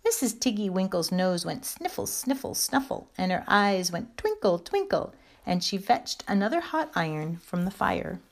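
A woman reading a children's story aloud in a gentle, expressive way. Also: medium pitch, normal speed, gravelly, few pauses.

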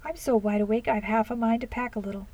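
Female narrator voicing a worldly young society lady, high and theatrical, mellow tone. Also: quick pace, dull audio, natural voice. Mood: amused. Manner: exclaiming, theatrical dismay. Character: fashionable young society woman, dramatic and worldly.

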